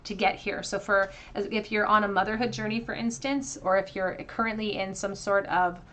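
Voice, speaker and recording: A woman giving a tarot card reading to her viewers, earnest and emotional, often pausing with fillers and restarts. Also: medium pitch, steady tone, a bit bright. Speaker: tarot reader.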